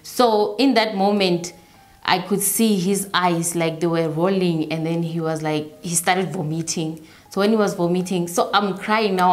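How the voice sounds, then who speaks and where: A young woman telling a personal story in an interview, halting and repeating herself, softly voicing what others said. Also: lowish voice, steady tone.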